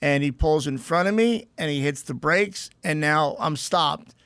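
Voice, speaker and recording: Gravelly, brash high-pitched man. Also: measured pace, fairly bright tone, no echo. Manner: brash, profane storytelling. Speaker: guest. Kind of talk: casual chat.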